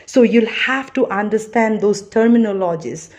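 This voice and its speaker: A woman's voice: mid-range voice, normal speed, darkish tone. A woman giving a tarot card reading, chatty and earnest, full of "you know" and "all right". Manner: earnest and reassuring. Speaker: tarot reader.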